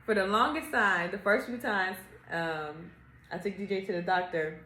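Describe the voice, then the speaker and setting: A young woman co-hosting a casual podcast chat, relaxed with lots of fillers and restarts. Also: mid-range voice, moderate pace, echoey room, rough recording. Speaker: podcast co-host.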